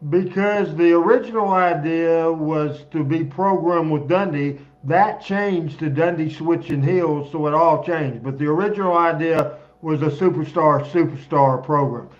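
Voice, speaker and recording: A man's voice: on the high side, measured pace, few pauses, muffled recording. A man hosting a casual podcast, leading the talk and calling on his co-hosts. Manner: leads the talk, calls on co-hosts. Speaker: podcast host.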